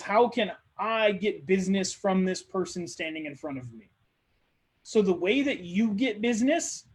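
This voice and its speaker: A man hosting a live webinar who coaches on networking in an energetic, conversational way and acts out sample dialogues. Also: sits high. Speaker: marketing coach, webinar host.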